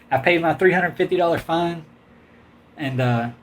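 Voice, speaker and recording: A man tells a sprawling, animated story in a casual chat, full of quoted voices and laughter. His voice sits a little high for a man. A faint hum runs underneath the recording. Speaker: host telling a story.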